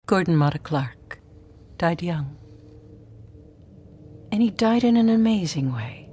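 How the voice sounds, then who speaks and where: A woman telling a personal story in a dramatic spoken-word style, often dropping into hushed whispers. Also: on the low side, animated, slow, music in the background.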